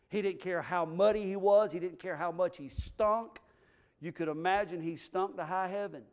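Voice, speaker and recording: A man preaching as pastor, emphatic, swinging from low, quiet asides to loud, stressed lines. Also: moderate pace. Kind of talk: sermon.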